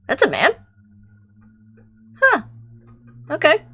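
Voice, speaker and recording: A woman reading a visual novel aloud, reacting with animated exclamations and the odd swear word. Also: mid-range voice, normal speed, soft background music. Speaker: game streamer.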